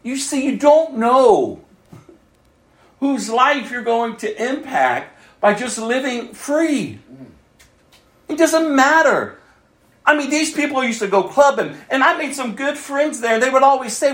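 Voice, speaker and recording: A man preaching a sermon, moving from loud calls to hushed, near-whispered asides. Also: extremely high pitch, expressive, measured pace, roomy sound.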